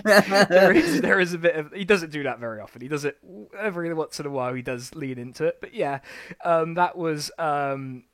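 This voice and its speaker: A man in a casual chat about a book, relaxed and a little hesitant. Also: fairly high pitch, brisk, no room sound, studio quality.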